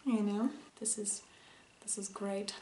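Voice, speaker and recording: A woman chatting casually through a makeup vlog at home, rambling and quick to laugh. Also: mid-range voice, little pitch movement, a little mellow. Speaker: beauty vlogger. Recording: roomy echoey room.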